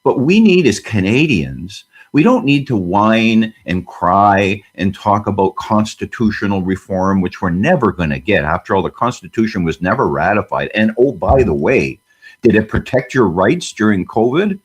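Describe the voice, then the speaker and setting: A man's voice: on the low side, animated, normal speed, slightly rough. A man speaking as a guest on a panel discussion, fiery and emphatic, firing off rhetorical questions.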